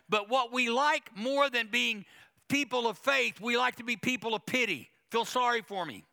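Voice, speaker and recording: A man's voice: extremely high pitch, brisk, gravelly, pushed and bright. A male pastor preaching a sermon, emphatic, with repetition and quoted asides to the congregation.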